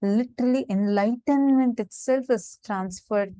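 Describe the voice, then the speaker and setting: A woman's voice: on the high side, measured pace, mellow, no echo. A woman co-hosting an online spiritual session, inviting viewers to post in the chat and explaining a devotional ritual. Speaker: session co-presenter. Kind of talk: devotional talk and sign-up announcements.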